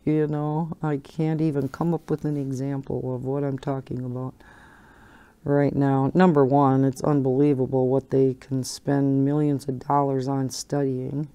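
A woman's voice: very deep voice, flat delivery, a little slow, dark tone, clean tone, lo-fi sound. A woman hosting a coloring channel, chatting casually and rambling, often breaking into laughter. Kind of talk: casual chat while coloring.

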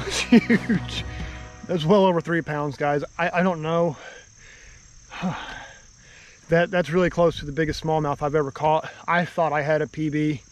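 A young man filming a casual fishing vlog outdoors by a creek, excitable and often calling out to his viewers as guys. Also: fairly high pitch. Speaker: fishing vlogger.

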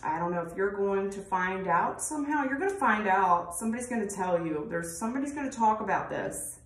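A woman's voice: medium pitch, expressive, brisk. A woman giving a casual tarot reading, talking bluntly and rambling, with frequent swearing. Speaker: tarot reader. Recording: roomy, distant mic, faint noise.

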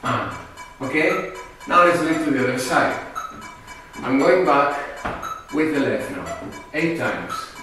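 A man's voice: a little high, very animated, slow pace. A man teaching a tango class, counting beats aloud and checking in with his students. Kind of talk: dance class instruction. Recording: echoey room from a distance with music. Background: metronome and faint music.

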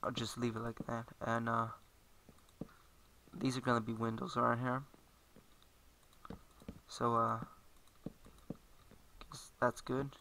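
A man's voice: medium pitch, flat delivery, slow, vocal fry, long pauses, sharp tone, slight background noise, low-quality recording. A man giving casual let's-play commentary, rambling and correcting himself as he plays at a computer. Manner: rambling, self-correcting, talks while playing. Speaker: gameplay commentator.

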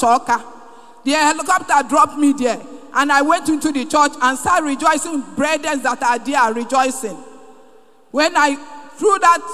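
A woman giving an emotional testimony in a large church, fervent and sometimes rising to a shout. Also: high voice. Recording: echoey hall.

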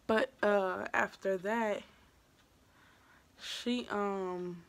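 A young woman vlogger telling a casual storytime, animated, acting out quoted asides and dropping to hushed whispers at times. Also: mid-range voice, very slow, gravelly.

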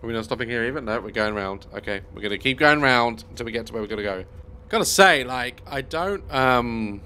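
A man's voice: lowish voice, rapid-fire, pushed and bright, clean tone. A man giving let's play commentary on a video game, chatty and bemused, thinking aloud as he plays. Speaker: gaming YouTuber.

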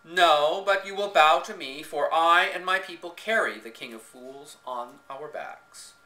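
A man voicing a fat, gloating, menacing king of beggars in a booming, theatrical way, recorded on a home camcorder in an echoey room. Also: measured pace, pushed and bright.

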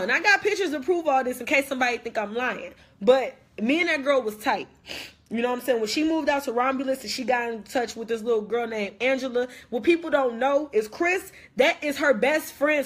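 Young woman, high husky voice, emphatic and repetitive live-stream rant, hurt but defiant. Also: brisk, fairly bright tone. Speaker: livestreamer. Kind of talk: impassioned casual live video rant. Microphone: phone on a live stream.

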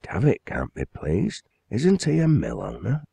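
A man voicing a composed, concerned young woman in an audiobook, in a gentle, low, only lightly changed voice. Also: wildly swooping pitch, unhurried, gravelly, husky, dry recording, full character voice. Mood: calm. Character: calm concerned young woman, his daughter.

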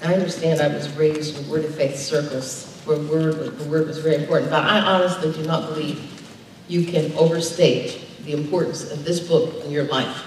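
A woman's voice: sits low, steady tone, moderate pace, a little hiss or hum. A woman pastor preaching a sermon, emphatic and drawing responses from her congregation. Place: church sanctuary. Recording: echoey church hall, distant mic.

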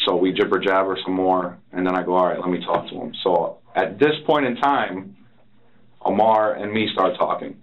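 A low-voiced man tells his side of the story in an interrogation room, rambling and swearing as he acts out what others said. The recording is muffled and dull, like a room recorder. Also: moderate pace. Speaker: officer being interrogated. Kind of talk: recounting events under interrogation.

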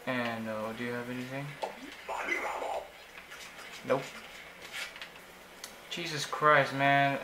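A young man giving casual, excitable commentary while he plays a video game, often exclaiming in frustration. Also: mid-range voice, slow, pauses often, very noisy. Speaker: gaming YouTuber.

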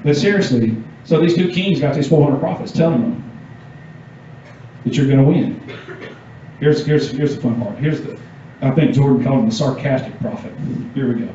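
A man's voice: mid-range voice, normal speed, long pauses, warm tone, a little hiss or hum. A man giving a youth sermon, reading scripture and asking the audience casual questions. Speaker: youth pastor. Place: church meeting room. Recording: echoey dull room sound from far off.

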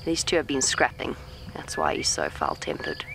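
A woman safari guide, speaking softly and calmly outdoors, coaxing an elephant and explaining to viewers. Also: very deep voice, moderate pace, gravelly, rough recording. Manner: calm, coaxing, talks gently to the animal. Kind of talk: live commentary to viewers while coaxing an elephant. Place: outdoors in a safari vehicle in the bush. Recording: faint outdoor bush noise, insects.

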